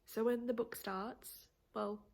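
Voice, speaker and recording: Young woman vlogger, teary, rambling and laughing, slow, gravelly voice. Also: fairly high pitch, steady tone, a little mellow. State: teary, on the verge of crying. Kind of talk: casual chatty vlog.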